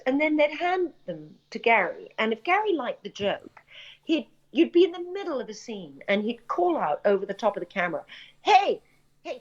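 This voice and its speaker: Brief: middle-aged British woman, animated storyteller, slightly muffled lo-fi audio. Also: on the high side. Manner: animated anecdotes, acts out quoted voices, laughs often. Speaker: actress and screenwriter, interview guest. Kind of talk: casual interview storytelling. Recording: dull lo-fi audio.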